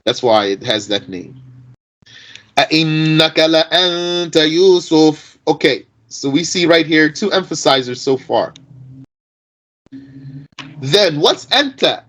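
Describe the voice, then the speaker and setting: A man teaching Arabic grammar in an explanatory lesson, asking rhetorical questions and reciting Arabic quickly. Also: mid-range voice, big pitch swings, a bit bright, husky, poor audio.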